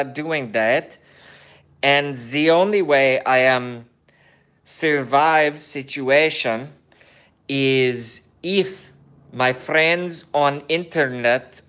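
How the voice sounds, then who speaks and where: A man putting on a mock Kazakh accent, playing a crude, bragging foreigner in slow, halting broken English. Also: fairly high pitch, fairly bright tone. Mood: boastful. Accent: put-on mock Kazakh accent. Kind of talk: comedic impression in a vlog.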